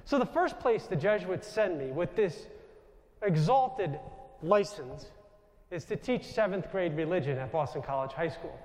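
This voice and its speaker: A man's voice: on the high side, sing-song, moderate pace, darkish tone, roomy sound, in a large hall. A man with a New York accent, a Jesuit priest giving a conversational storytelling talk to a live audience. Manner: conversational, anecdotal, with self-corrections.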